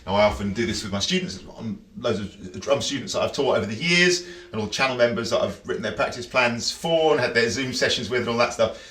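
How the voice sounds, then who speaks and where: A man's voice: medium pitch, lively intonation, a little fast, a bit bright. A man teaching drums in a casual, chatty way, counting and scatting rhythms aloud. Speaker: drum teacher. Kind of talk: casual instructional talk. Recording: roomy echo.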